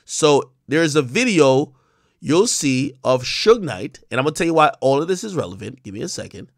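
Animated, high-voiced male commentator. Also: normal speed, dry recording, clean studio sound. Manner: animated, emphatic, heavy slang and profanity; walks through on-screen footage, talking to viewers. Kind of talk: casual explanatory commentary.

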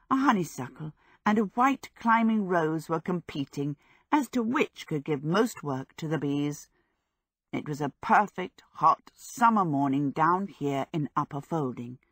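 Low-voiced woman reading an audiobook. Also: slightly rough, no echo, studio quality. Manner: measured, expressive reading. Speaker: audiobook narrator. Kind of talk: scripted narration.

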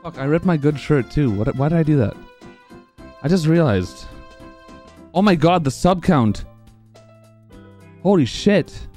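A young man streaming live, excited and out of breath from laughing, swearing freely as he celebrates. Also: a little high, a little slow, pauses often, faint music behind. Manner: excited, profane, laughing between lines. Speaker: speedrun streamer.

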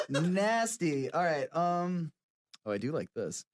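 A man with a faint Southern accent chatting on live radio, excitable, laughing and swearing as he gives things away. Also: a little high, slow, noisy background. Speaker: band member guest. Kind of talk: casual live radio chat.

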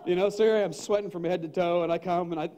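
A middle-aged American pastor tells a personal story during an unscripted sermon, chatty and animated, laughing a lot and acting out his own thoughts. His voice is high and fast, with slight background noise.

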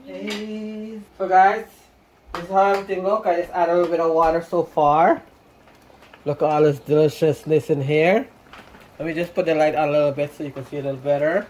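High-voiced man cooking. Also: brisk, a little hiss or hum. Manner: chatty, relaxed, talks straight to viewers. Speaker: cooking vlogger. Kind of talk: casual cooking demonstration. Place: home kitchen. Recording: roomy kitchen, distant mic, sizzling.

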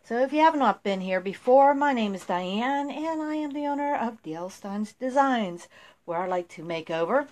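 In her furniture makeover vlog, a woman casually explains how to paint a piece, chatting to her dog and using plenty of ums. Her voice is on the high side and a little mellow, with lively intonation at a moderate pace.

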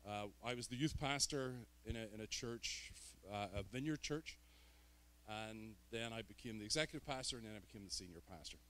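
A man's voice: fairly low pitch, a little fast, a bit bright, a little hiss or hum. A man from Northern Ireland with a Northern Irish accent, a guest preacher opening his sermon with joking, self-deprecating asides in a church. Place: church sanctuary.

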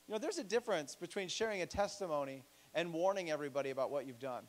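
A male pastor preaching a sermon in a church, animated and joking, acting out the voices he quotes. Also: fairly high pitch, quick pace, few pauses.

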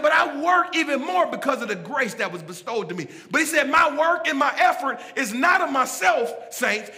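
A man preaching a sermon in a church, animated and folksy, calling out to the congregation and swinging between shouts and low asides. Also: long reverb tail. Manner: casual, folksy phrasing. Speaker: pastor. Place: church sanctuary.

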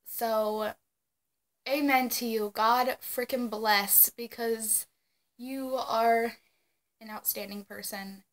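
A woman's voice: fairly high pitch, steady tone, slow pace. A young woman in her late teens talking to the camera in a casual vlog, gushing and blunt, with some mild swearing. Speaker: vlogger. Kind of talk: casual emotional address to camera.

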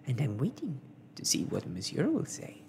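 A man voicing a polite, precise young manservant in a soft, measured whispered role-play. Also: medium pitch, huge pitch swings, creaky, a little hiss or hum, voice pushed up. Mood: earnest.

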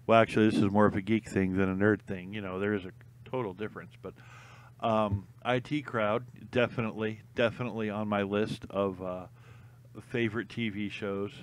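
Casual rambling man, slightly low voice. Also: a little fast. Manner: relaxed and rambling, many ums and uhs, laughs often. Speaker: vlogger. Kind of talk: casual chat to camera.

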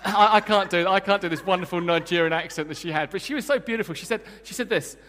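Male preacher, lively and joking, high voice, long hall reverb. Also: fast talker, slight background noise. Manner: energetic, emphatic, joking with the congregation. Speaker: guest preacher. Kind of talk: sermon. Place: church hall.

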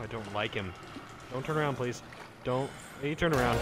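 With music playing behind him, a man streams live horror gameplay in a high-pitched, sing-song voice at a fairly quick clip. Out of breath and a bit tipsy, he startles easily, yelping and swearing, and slips in jokes between the scares.

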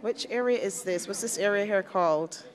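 This young adult woman is a student reporter filming a relaxed vlog on her phone while strolling through a busy church, poking fun at herself. Her pitch is medium and her speed normal. Crowd noise from visitors surrounds the phone recording.

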